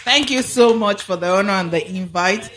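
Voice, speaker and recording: A woman's voice: mid-range voice, normal speed, a bit bright, some chatter behind. A woman who is an alumni association president, giving courteous thanks as a guest speaker at an event. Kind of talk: short speech at an event.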